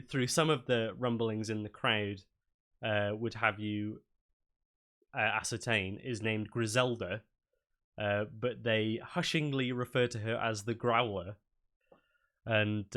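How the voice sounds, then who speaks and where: A man's voice: fairly low pitch, a bit bright. A man running a tabletop game as dungeon master, narrating loosely with many fillers.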